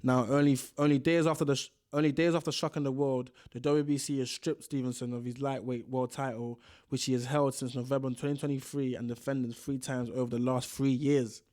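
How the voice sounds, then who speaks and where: A man's voice: medium pitch, little pitch movement, a little fast, few pauses, a little mellow. Slangy young man ranting. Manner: slangy, ranting, repeats himself. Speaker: boxing vlogger. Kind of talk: casual commentary.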